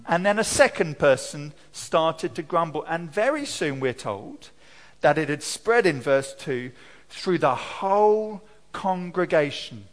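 Male preacher, high voice, lively questions to the kids, big reverberant church. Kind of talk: children's talk in a church service.

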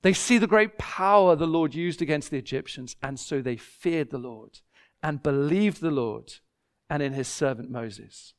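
A man's voice: a little high, measured pace. A man preaching a sermon, building his points through repeated phrases and briefly voicing imagined people. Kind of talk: expository sermon.

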